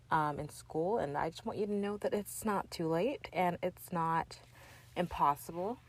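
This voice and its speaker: A woman's voice: low voice, darkish tone. A young woman hosting her own podcast, talking earnestly and encouragingly straight to the listener in a loose, chatty way. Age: young adult. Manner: loose and talky, with fillers and restarts. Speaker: podcast host. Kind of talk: casual solo podcast chat.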